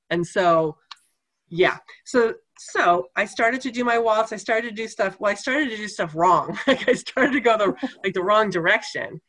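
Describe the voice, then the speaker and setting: Woman, storytelling guest, casual chat, laughs a lot, mid-pitched voice. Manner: animated, laughing often while telling the story. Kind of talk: casual anecdote in conversation.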